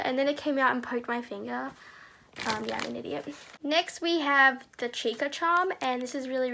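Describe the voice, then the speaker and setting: A teenage girl reviewing squishy toys in a casual, gushing way, sometimes dropping to a soft murmur. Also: sits high, slight background noise. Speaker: squishy haul vlogger.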